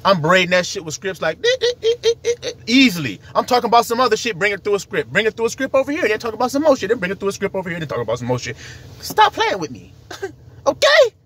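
A man's voice: high-pitched, big pitch swings, racing, a bit bright, slightly rough. A man preaching in a casual, profane monologue, citing scripture in slangy street talk and laughing as he acts out what others say. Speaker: self-styled preacher.

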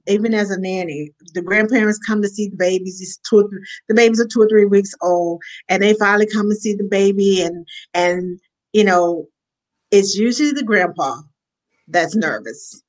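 A woman who works as a nanny, hosting a casual interview and chatting in a lively way. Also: medium pitch, normal speed. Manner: lively, acts out quoted voices. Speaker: host and nanny.

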